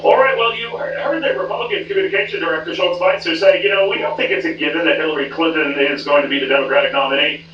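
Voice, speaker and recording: A man's voice: fairly high pitch, fast talker, few pauses, slight background noise. A man anchoring a news show, tossing to a correspondent with a wry, conversational manner. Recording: echoey, distant, muffled rebroadcast.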